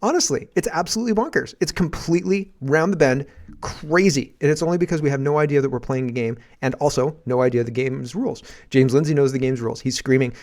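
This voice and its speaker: Canadian guy doing a political podcast, rambly, gets loud and worked up at times. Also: mid-range voice, fast talker. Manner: rambling, animated, shouts when acting out scenes. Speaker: podcast host. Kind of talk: casual political commentary.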